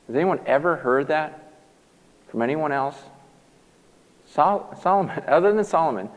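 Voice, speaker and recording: A man preaching a sermon as a pastor, emphatic and animated, often restarting his sentences. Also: on the high side, moderate pace, pauses often. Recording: long hall reverb.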